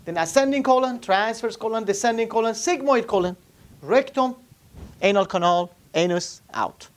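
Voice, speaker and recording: A man's voice: high-pitched, moderate pace. Man lecturing on anatomy to a class. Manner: quizzes students, repeats terms, writes on a board. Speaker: anatomy instructor.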